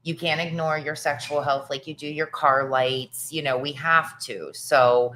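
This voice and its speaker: A woman co-hosting a podcast, talking earnestly about health with many pauses and ums. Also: low voice, fairly even intonation, fairly bright tone, low-quality recording. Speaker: podcast co-host. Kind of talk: casual health talk.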